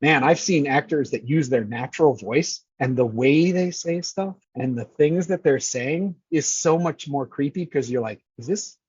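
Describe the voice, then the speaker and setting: A man's voice: a little high, normal speed, few pauses, darkish tone, husky, no echo, lo-fi sound. A man who manages scare actors, talking casually and energetically in an interview, swearing freely and acting out lines.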